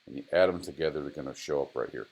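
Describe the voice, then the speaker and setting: A man with a deep, low voice walks through racing data on screen like an instructor. He is casual, repeats points for emphasis and grumbles at his tools as he goes. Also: rapid-fire, vocal fry, husky. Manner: casual, repeats phrases, talks to the software. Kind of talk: screen-recorded data analysis tutorial.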